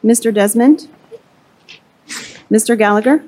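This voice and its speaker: A woman clerk calling the roll at a board meeting, reading names and titles briskly and evenly. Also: on the high side, warm tone, slight background noise. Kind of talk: formal roll call.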